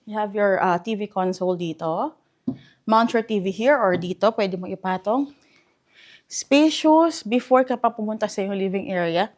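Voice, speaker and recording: A woman's voice: medium pitch, moderate pace. A woman with a Filipino accent hosting a walkthrough house tour, chatty and enthusiastic, mixing English and Filipino. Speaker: real estate house tour host. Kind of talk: casual walkthrough tour commentary. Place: inside a house, walking room to room.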